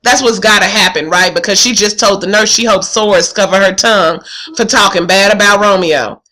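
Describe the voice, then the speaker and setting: A woman's voice: mid-range voice, normal speed, pushed and bright, poor audio. A woman teacher thinking aloud in a casual, questioning way as she talks through a play. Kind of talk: thinking-aloud literature lesson.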